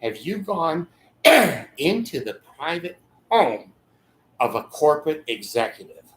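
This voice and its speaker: An older man with a slightly high voice rambles slowly through a monologue. He breaks into chuckles mid-sentence and acts out the people in his stories. The room is echoey. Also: very animated. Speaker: channel host giving advice.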